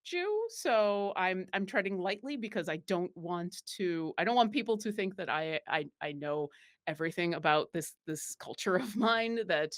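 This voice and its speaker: A guest player from Buffalo, New York, this woman speaks at normal speed in a lowish voice with lively intonation during a casual interview. Her answers ramble, packed with fillers and restarts, and she laughs easily.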